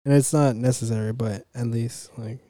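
A man's voice: mid-range voice, steady tone, moderate pace, mellow, dry recording, clean studio sound. A young man chatting with friends, adding brief remarks and laughing easily. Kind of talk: casual chat, mixing Spanish.

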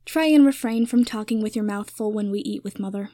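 A woman's voice: medium pitch, fairly quick, dark tone, dry recording, natural voice. Woman voicing a dry, aloof young man.

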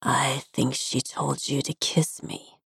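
A woman reading an audiobook, voicing a gentle young man who speaks softly and tenderly. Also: low voice, unhurried, breathy edge, dry recording, clean studio sound, exaggerated voice. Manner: soft, murmuring.

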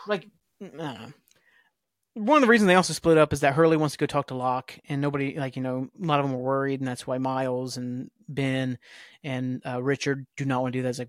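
A man's voice: medium pitch, fairly even intonation, a little fast, no room sound, clean studio sound. A man hosting a podcast, casually recapping a TV episode in a rambling, complaining way. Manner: rambling, complains and paraphrases scenes loosely. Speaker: podcast host.

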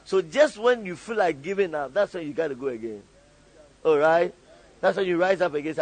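A man's voice: fairly high pitch, expressive, brisk, poor audio. A male pastor preaching a sermon, calling on the congregation to fill in and repeat lines, often laughing. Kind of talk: call-and-response sermon.

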